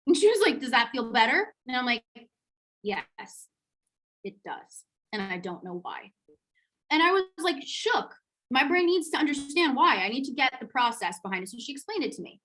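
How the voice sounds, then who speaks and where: A woman hosting a podcast, telling a personal story in a candid, lively way, swearing casually and laughing as she retells it. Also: sits high, fast talker, low-quality recording. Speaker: podcast host.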